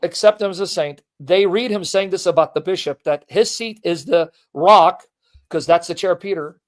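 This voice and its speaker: High-voiced, emphatic man hosting a debate. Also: normal speed. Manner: emphatic, questioning, excitable. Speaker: host of a religious debate stream. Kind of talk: casual discussion, reading quotes aloud.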